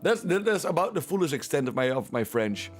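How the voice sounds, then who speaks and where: Dutch male streamer, casual playful commentary, high voice, light music bed. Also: big pitch swings, a little fast. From Netherlands. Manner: chatty, playful, repeats himself.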